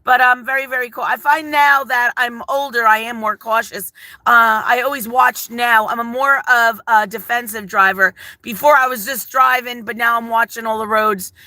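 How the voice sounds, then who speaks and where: A woman's voice: on the high side, steady tone, bright, forceful tone, no room sound, rough recording. Chatty, effusive older woman live-streaming. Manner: chatty, effusive, fast rambling talk. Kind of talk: casual live-stream chat.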